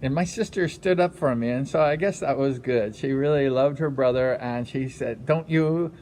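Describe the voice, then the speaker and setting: A former speedway rider in his sixties, casually telling a story from his racing days, animated and full of fillers. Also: medium pitch, normal speed, slight background noise. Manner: animated, acts out quotes, many fillers. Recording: music under the voice. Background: background music.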